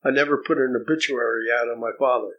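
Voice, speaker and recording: An older man from New Jersey, appearing as an interview guest, reflects on a personal story, often repeating words as he begins sentences. His medium-pitched voice moves quickly, and the recording's highs are cut off.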